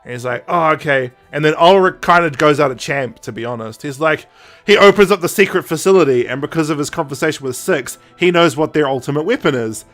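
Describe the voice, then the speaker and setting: Young male podcast host, higher-pitched, lively casual recap, faint music under it. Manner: animated retelling with quick put-on quotes and laughs. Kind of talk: casual chat recapping a story.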